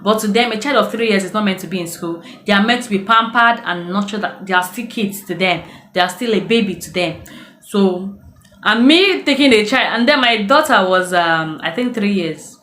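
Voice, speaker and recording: A woman's voice: medium pitch, animated, normal speed, a bit bright, a little hiss or hum. Chatty Nigerian woman in echoey room. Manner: chatty storytelling, acts out quoted voices. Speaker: vlogger. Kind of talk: casual advice vlog.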